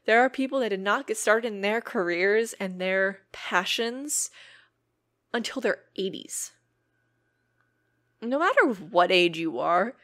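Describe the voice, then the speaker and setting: A woman's voice: medium pitch, a bit bright. A young adult woman hosting her own podcast, talking earnestly and reflectively in a casual, rambling way with many filler words. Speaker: podcast host. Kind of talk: casual solo podcast talk.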